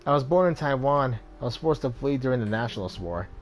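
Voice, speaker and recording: A smug male street dealer from a video game, cool and evasive, with a smooth way of talking, as a man reads him aloud. He keeps his composure and sounds pleased with himself. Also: medium pitch, lively intonation, fast talker, faint music behind, natural voice.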